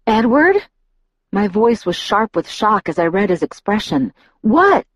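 A woman narrating a novel aloud in a measured, even reading. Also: medium pitch, no room sound. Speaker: audiobook narrator. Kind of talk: audiobook narration.

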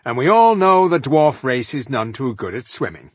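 A man's voice: mid-range voice, very animated, moderate pace, no room sound, pitched above the performer's own voice. A man voicing a fussy, theatrical male fourthling with a dramatic, gloomy way of talking. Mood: fretful.

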